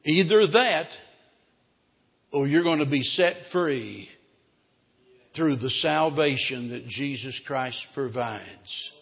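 Dramatic preacher in a reverberant church. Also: male voice, medium pitch, animated, takes it slowly, creaky, long pauses. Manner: dramatic, swings between loud and hushed. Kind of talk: sermon with storytelling. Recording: dull recording, long hall reverb.

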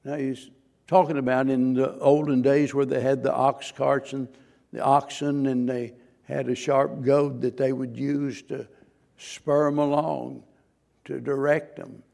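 A man's voice: mid-range voice, little pitch movement, unhurried, gravelly, mellow. A man preaching a sermon as pastor, earnest and questioning, pressing his listeners with rising, emphatic points.

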